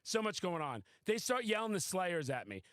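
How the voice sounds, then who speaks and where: A man hosting a podcast, telling a wild story in a casual, excitable, boastful way and swearing freely. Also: high-pitched, normal speed, no echo. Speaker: podcast host. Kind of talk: casual chat.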